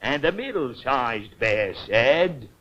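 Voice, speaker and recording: A man's voice: medium pitch, sing-song, slow pace, a bit bright. Lilting male storybook narrator. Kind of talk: storybook narration for an old cartoon. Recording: dull old cartoon soundtrack with faint hiss.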